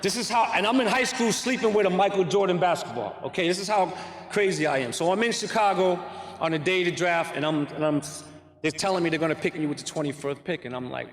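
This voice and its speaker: A man telling a long personal story to an audience as a guest speaker, animated and acting out the lines he quotes. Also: high-pitched, fast. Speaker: guest speaker, former pro basketball player. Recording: echoey hall recording.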